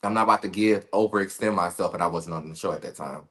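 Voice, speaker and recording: A man's voice: sits low, quick pace, fairly bright tone. A man talking as a guest in a casual interview, blunt and candid, laughing often and using slang. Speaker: reality show cast member, guest.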